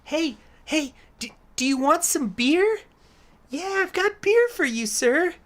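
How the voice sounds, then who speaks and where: A man putting on the voice of a sly little girl coaxing a stranger toward a van, in a sing-song, wheedling falsetto. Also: lively intonation, slow, fairly bright tone, heavily acted.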